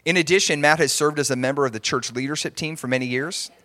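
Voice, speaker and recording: A man's voice: a little high, fast talker, pushed and bright, dry recording. A middle-aged man preaching as a pastor, earnest and emphatic, often restarting his sentences. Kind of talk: sermon.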